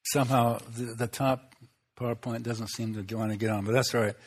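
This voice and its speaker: Brisk and steady, this husky mid-range voice belongs to a pastor of Swedish Lutheran background delivering a sermon. His style is homey and conversational, full of rhetorical questions and frequent chuckles.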